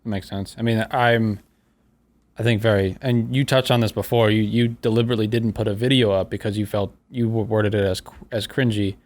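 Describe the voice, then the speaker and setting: A young American man with a lowish voice hosts a laid-back podcast conversation. He rambles in a loose way and often stops to restart his sentences. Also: a little fast, no room sound. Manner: relaxed, rambling, with many fillers and restarts. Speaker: podcast host. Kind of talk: casual podcast chat.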